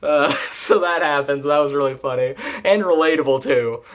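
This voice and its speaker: A young adult reviewer loosely recaps an anime episode with constant swearing and filler words. The delivery is deadpan and offhand, at a middle pitch. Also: moderate pace. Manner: rambling, profane, filler-heavy, deadpan jokes.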